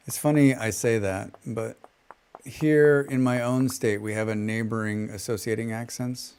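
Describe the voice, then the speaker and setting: A man with a flat General American accent, a game streamer chatting casually while he plays, rambling from point to point and humming little tunes to himself between remarks. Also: medium pitch, measured pace, a little hiss or hum. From western United States. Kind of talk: casual chat while gaming and reading chat.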